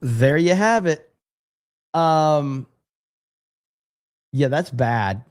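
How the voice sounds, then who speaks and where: A man's voice: on the high side, expressive, drawn-out words, no echo, studio quality. A man hosting a casual livestream, reading viewer messages aloud and reacting with jokey exasperation. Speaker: livestream host reading super chats.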